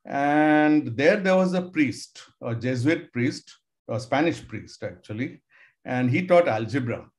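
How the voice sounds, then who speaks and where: A man's voice: medium pitch, animated, unhurried. Older man, professor type, rambling and anecdotal with ums and uhs. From India. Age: 60s. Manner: conversational, musing, with hedging fillers. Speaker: professor giving a talk. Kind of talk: storytelling lecture to students.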